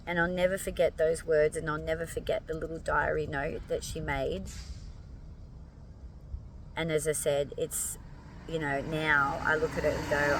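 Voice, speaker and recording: A woman, hoarse and tired, talking earnestly and emotionally to her followers and swearing casually. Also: deep voice, fairly even intonation, normal speed, fairly bright tone, far from the mic, a little hiss or hum, rough recording. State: hoarse, fatigued. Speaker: vlogger addressing followers. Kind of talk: emotional direct-to-camera talk.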